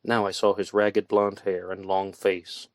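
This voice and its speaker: A man reading a first-person thriller audiobook in a tense, measured storytelling manner. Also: deep voice, level tone, dry recording. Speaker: audiobook narrator.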